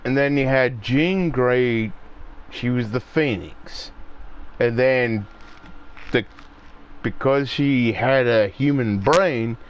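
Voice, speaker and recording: A man ranting casually and profanely as he plays, his voice jumping high when he gets riled up. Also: slow pace, long pauses, clear, resonant tone. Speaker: gaming streamer. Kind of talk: casual rant while playing.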